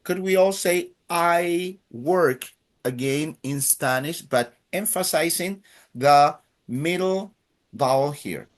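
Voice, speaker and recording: A man's voice: fairly high pitch, slow pace. A man teaching a live Spanish class, drilling students by counting in and praising each answer.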